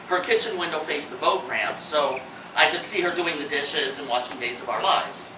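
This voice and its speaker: A man's voice: a little high, moderate pace, far from the mic. A man from Indiana performing a comic one-man storytelling show, acting out his panic with shrieked lines. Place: theater stage with a live audience. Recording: roomy hall, mic from afar, noisy.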